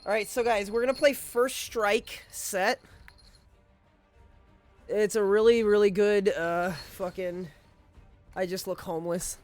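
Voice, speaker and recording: A man's voice: high voice, fairly even intonation, a little slow, long pauses, soft background music. A man streaming a video game, chatting casually to his viewers in a rambling, profane way, often cutting himself off and chuckling.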